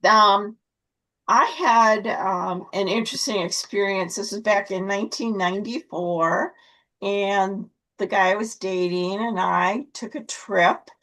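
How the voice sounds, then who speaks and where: Slow-talking woman telling a story. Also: low-quality recording. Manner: storytelling, acts out her own high excited voice in quotes. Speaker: guest telling a personal story. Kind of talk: casual video-call chat. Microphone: video call.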